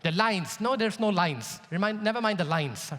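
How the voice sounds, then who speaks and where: A man's voice: high-pitched, moderate pace. A man giving a conference keynote, telling a story with jokes and speaking straight to the audience. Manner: animated, jokey, addresses audience directly. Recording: large hall reverb.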